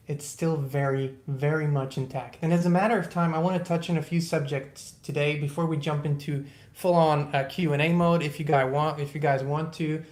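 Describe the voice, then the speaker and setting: A livestream host in casual talk who greets viewers by name and eases into slow, calm breathing guidance. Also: mid-range voice, reverberant. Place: indoors at a laptop.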